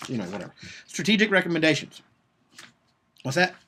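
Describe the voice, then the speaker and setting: A man's voice: fairly high pitch, big pitch swings, brisk, sharp tone, husky. A man coaching agency owners in a live video session, blunt and profane, driving his points home with repeated "okay?". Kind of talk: Facebook Live business coaching talk.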